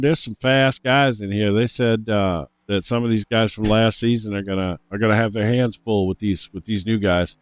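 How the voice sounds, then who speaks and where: A man's voice: mid-range voice, smooth, no echo. A man co-hosting a racing broadcast in casual banter, rambling and repeating himself with many fillers. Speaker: race broadcast co-host.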